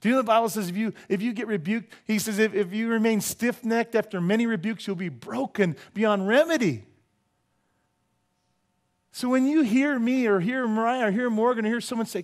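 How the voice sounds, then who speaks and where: Man, pastor, high-pitched, lively sermon, rhetorical questions, church. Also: normal speed. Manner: animated, joking, rhetorical questions. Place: church sanctuary.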